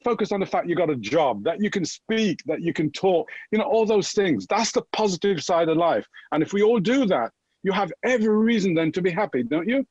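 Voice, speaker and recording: A man's voice: sits high, fairly quick, hardly any pauses, breathy edge, dry recording, dull audio. A man from Jamaica with a Jamaican accent, chatting as an upbeat fitness guest and often tagging his points with "right?". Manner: energetic, keeps tagging "right?". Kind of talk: upbeat motivational chat.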